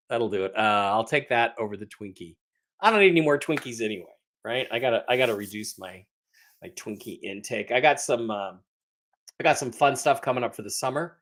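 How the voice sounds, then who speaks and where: A man hosting a casual livestream, greeting viewers by name and rambling with many restarts and mock-hurt teasing. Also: medium pitch. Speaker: livestream host.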